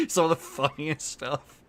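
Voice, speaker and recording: A man's voice: a little high, lively intonation, measured pace, a bit bright, soft background music. A man streaming a video game and chatting casually, rambling with fillers and laughs. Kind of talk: casual chat while playing.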